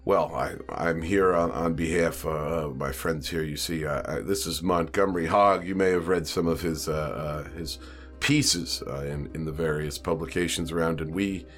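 A man voicing a polite young art student who speaks haltingly with many pauses. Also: a bass voice, steady tone, fairly bright tone, faint music behind, voice pushed down.

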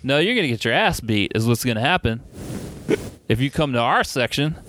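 A man in casual chat, telling an animated, swearing story with laughs. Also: mid-range voice, fairly quick, background noise. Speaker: podcast storyteller.

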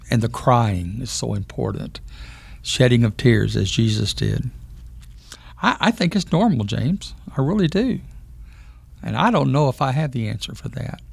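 A man who works as a hospice chaplain, talking calmly and earnestly from experience in a podcast conversation. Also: mid-range voice, creaky, dry recording.

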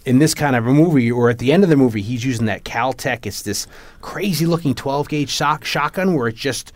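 A man in casual chat, excitedly retelling movie scenes and acting out the lines, laughing often and restarting his sentences. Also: mid-range voice, a little fast, no room sound.

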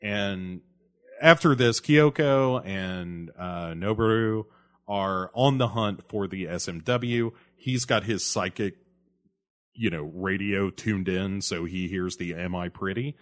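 A solo podcast host with a lowish voice talks through a film's plot in a loose, casual style. He fills his sentences with "uh" and "you know" and lets out awkward laughs when the material gets grim. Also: slow. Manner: rambling, heavy on fillers like uh and you know. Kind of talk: casual movie plot recap.

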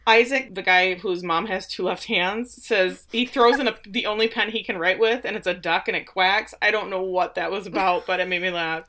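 Bright-voiced woman animatedly retelling. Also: mid-range voice, moderate pace, hardly any pauses. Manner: animated storytelling, acts out quoted lines. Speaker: podcast co-host. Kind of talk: casual chat recapping a show.

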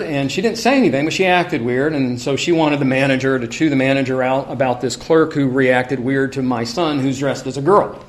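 A middle-aged man preaching to his congregation with a voice pitched a little above most men's. He talks in a loose, conversational way and fills the sermon with personal stories and asides. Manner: conversational, anecdotal, frequent asides.

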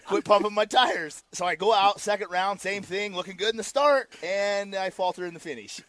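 A man's voice: high-pitched, normal speed, fairly bright tone, slight background noise. A man telling a rambling story, swearing often, laughing and acting out what others said. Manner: profane, laughing, acts out quotes. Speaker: storyteller guest. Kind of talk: casual storytelling.

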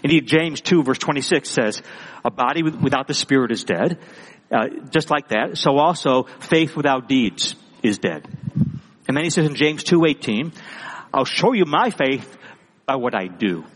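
Lively preaching man in a reverberant hall. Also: medium pitch, normal speed. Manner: emphatic preaching, repeats key words. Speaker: pastor. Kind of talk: sermon.

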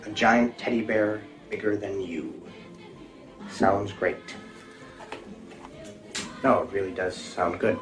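A lovesick teen boy stumbling through a phone call, slow and mumbly, roomy old movie sound with soft music under it. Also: fairly low pitch. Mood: deflated. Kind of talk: 1980s film comedy acting. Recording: roomy film audio with faint score. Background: faint music.

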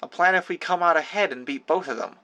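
A wry, knowing young woman speaks in quick, teasing lines, pitched up by a male audiobook narrator, always sure of herself. Her voice sits noticeably higher than the reader's own. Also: pushed and bright.

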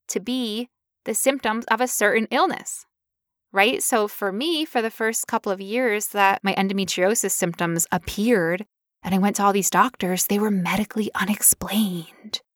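A woman's voice: medium pitch, pushed and bright, clear, resonant tone, no room sound, studio quality. A woman co-hosting a podcast, talking casually with sarcastic asides. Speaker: podcast co-host.

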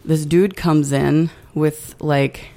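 A woman's voice: low-pitched, fairly even intonation, slow pace, creaky, mellow. A woman co-hosting a casual chat, dry and sarcastic, swearing freely. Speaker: podcast co-host.

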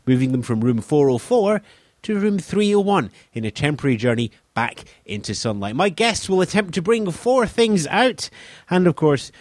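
A man hosts a podcast with a theatrical, playful flair, pitched a little higher than most men. His voice sounds close and dry with no room echo. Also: sing-song, moderate pace. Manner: playful, dramatic delivery. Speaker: podcast host. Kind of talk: theatrical scripted intro then casual chat.

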